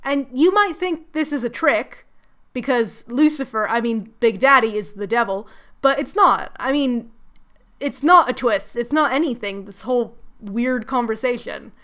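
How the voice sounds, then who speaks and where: A young woman recapping a book with comedy, sarcastic, animated and self-mocking. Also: a little high, unhurried. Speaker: book reviewer.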